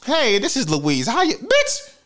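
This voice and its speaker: A man voicing his stern mother who shouts at her kids, then turns sweetly polite on the phone. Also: a little high, huge pitch swings, unhurried, voice pushed up, full character voice.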